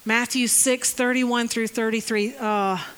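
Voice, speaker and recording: A woman's voice: fairly high pitch, steady tone, a little slow, a bit bright, clean tone, low-quality recording. A woman in her fifties preaching a conversational sermon as pastor, acting out quotes and stories. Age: 50s. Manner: conversational, acts out quotes, laughs often.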